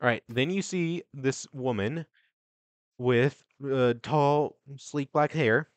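A man's voice: medium pitch, no room sound. Young guy gm, casual rambly narration, dry close sound. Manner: casual, stumbling narration with quick voiced lines for teachers. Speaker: game master. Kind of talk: narrating a tabletop game.

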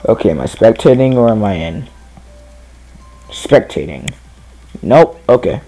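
A man's voice: on the low side, very animated, unhurried, creaky, warm tone, faint music behind. A young man giving casual commentary while streaming a kart race, chatty and self-deprecating as he talks to viewers.

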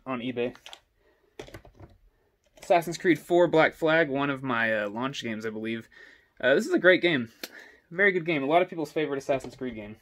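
Holding a selfie stick camera at arm's length, a young man walks through his game collection in a home with stairs. His medium-pitched voice has a fairly bright tone, and he rambles loosely in this casual vlog, saying plenty of ums and uhs.

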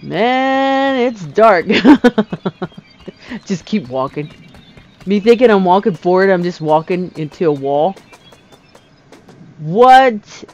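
Woman, gameplay commentary, slow easy pace, slightly muffled lo-fi sound, chatty, laughs a lot. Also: medium pitch. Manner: chatty, laughs often, excitable. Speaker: gamer.

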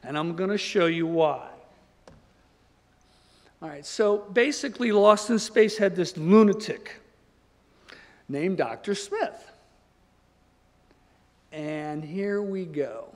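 A man giving an informal, story-filled lecture, rambling and joking as he goes. His voice sits fairly high. A long reverb trails off the walls of the lecture hall. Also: animated, takes it slowly, long pauses. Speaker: guest lecturer.

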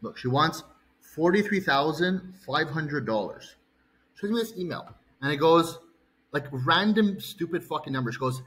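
A man's voice: mid-range voice, expressive, brisk, a bit bright, slight background noise, poor audio. A male bodybuilding coach telling an angry personal story, heated, profane and rambling.

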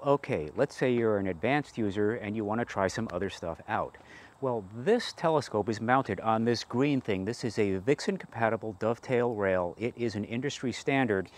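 A man giving a hands-on telescope review, practical and matter-of-fact, with dry joking asides. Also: mid-range voice. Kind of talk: product review walkthrough.

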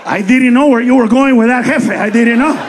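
A man performing a stand-up comedy set on stage, telling stories loudly with profane, shouted punchlines. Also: extremely high pitch, a little fast, a little hiss or hum. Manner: loud, profane, animated storytelling with shouted punchlines. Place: comedy stage before a laughing audience.

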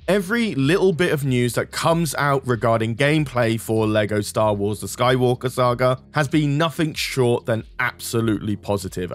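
Upbeat man hosting a gaming video. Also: medium pitch. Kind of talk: scripted video commentary.

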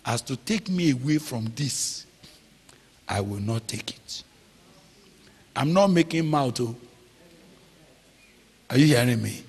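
A man preaching a sermon, slow and emphatic, drawing out phrases and checking in with the audience. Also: medium pitch, expressive, darkish tone, slightly rough. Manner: slow, emphatic, drawn-out phrases with call-and-response questions. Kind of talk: sermon teaching. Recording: long hall reverb.

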